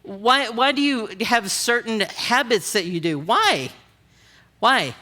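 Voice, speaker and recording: Woman speaker, conference sermon, bright forceful voice, fairly high, animated and joking with the crowd. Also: takes it slowly. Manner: animated, humorous, questions the audience. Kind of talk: conversational sermon. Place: church auditorium.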